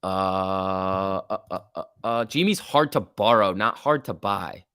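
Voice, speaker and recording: A man hosting a casual livestream, giving excitable running commentary and answering chat. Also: deep voice, slow, clear, resonant tone, dry recording, clean studio sound. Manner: excitable, reacts aloud and reads chat. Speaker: livestream host. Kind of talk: casual live market commentary.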